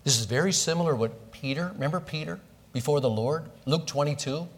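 A man's voice: on the high side, a little fast. A man preaching an expository sermon verse by verse, earnest and explanatory, posing rhetorical questions to his congregation. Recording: long reverb of a hall.

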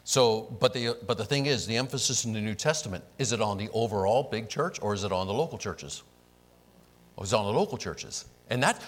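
A man's voice: medium pitch, slightly rough, poor audio. A man teaching a Bible class as pastor, asking the class rhetorical questions and answering them himself.

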